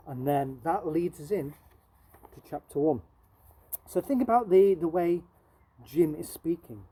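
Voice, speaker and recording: A woman teacher reading a novel aloud to her pupils, speaking softly and asking them questions. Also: sits low, a little slow, long pauses, breathy edge, poor audio. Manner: soft, steady, asks pupils questions.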